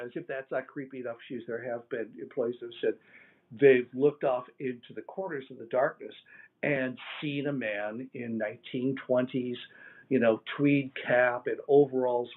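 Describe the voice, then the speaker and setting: Middle-aged man telling a story over a phone line. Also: medium pitch. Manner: animated storyteller acting out quoted dialogue. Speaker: interview guest. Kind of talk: storytelling in a live interview. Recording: tinny phone-line audio.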